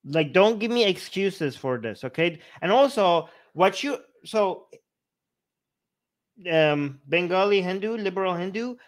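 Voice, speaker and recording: A man with a slightly high voice gives loose, sarcastic commentary on scripture. He talks in an animated way, stops to restart his sentences, and breaks into mocking paraphrases. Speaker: podcast co-host.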